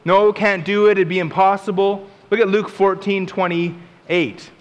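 A man with a fairly high voice delivers a relaxed, conversational sermon, unpacking scripture and slipping into acted-out asides. His words ring with the long reverb of a large hall. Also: a little slow, muffled recording. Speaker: preacher.

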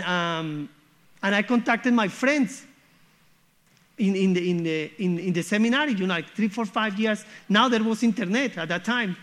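Middle-aged man, high voice, faith testimony told as a story with quoted dialogue. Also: fairly bright tone. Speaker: speaker sharing his testimony.

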